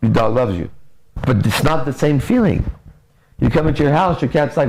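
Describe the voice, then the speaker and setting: A man's voice: a little high, moderate pace, rough recording. A man coaching on relationships in a blunt, profane, casual podcast talk. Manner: blunt, profane, lively storytelling.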